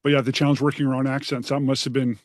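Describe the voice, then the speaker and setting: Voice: mid-range voice, flat delivery, racing, dry recording, clean studio sound. A radio host asking conversational interview questions and giving brief yeahs while the guest talks. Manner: brief back-channel replies, conversational questions.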